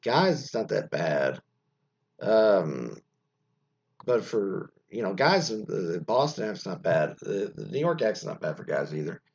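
A man's voice: sits low, very animated, unhurried, gravelly, darkish tone, husky, highs cut off. A man from the United States casually talking through the news and his own opinions, rambling with frequent restarts and asides. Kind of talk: casual commentary, reading news aloud.

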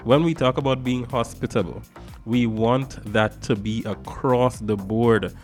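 A man from Guyana with a Guyanese accent, hosting a casual talk-show monologue in an animated, emphatic way, swinging between loud stresses and soft asides. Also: mid-range voice, measured pace, faint music behind. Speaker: radio show host.

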